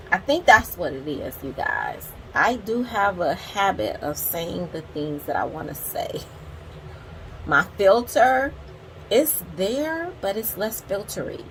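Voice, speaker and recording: A woman's voice: medium pitch, a little hiss or hum, low-quality recording. A woman in her forties, a teacher, casually reading quotes from a book aloud and breaking off into candid, chatty commentary to her viewers. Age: 40s.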